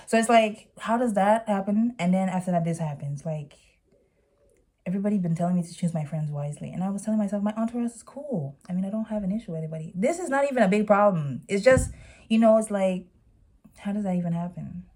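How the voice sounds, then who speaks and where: Young woman ranting thru a storytime, sassy and fed up, pretty normal pitch. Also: quick pace, dark tone. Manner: sassy, exasperated retelling. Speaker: vlogger.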